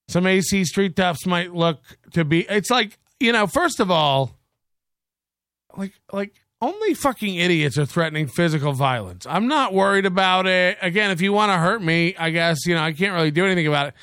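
A man's voice: on the high side, moderate pace, fairly bright tone, clean tone, no room sound, clean studio sound. Sarcastic, foul-mouthed male livestream host. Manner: sarcastic, profane, rambling; thanks viewers for donations. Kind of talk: casual solo livestream rant.

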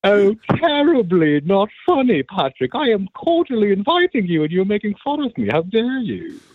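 An affected, theatrical caller full of plummy grandeur, as a woman puts her on. The voice swoops up and down with lively melody. It comes over a thin, phone-like line. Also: medium pitch, normal speed, husky, dry recording. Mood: mock-offended. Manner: plummy, affected, says "darling" and "ta-ta".

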